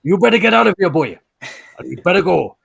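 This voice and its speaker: A man's voice: high voice, lively intonation, brisk, creaky, a bit bright, husky, heavily acted. A man putting on an angry Welsh pub brawler. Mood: threatening. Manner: menacing, clipped threats.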